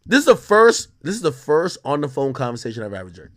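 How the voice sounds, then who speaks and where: A man's voice: on the high side, very animated, fast, fairly bright tone. A young man telling a story in casual talk, swearing freely and acting out what others said to him. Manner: profane, quotes others in shifting voices.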